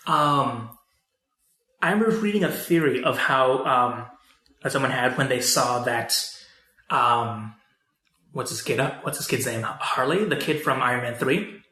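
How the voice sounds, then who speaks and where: A man with a bright, forceful voice rambles through a casual movie chat, full of fillers and false starts. His voice bounces around an echoey room. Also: mid-range voice, a little slow, long pauses. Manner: rambling, many fillers and restarts. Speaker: podcast co-host.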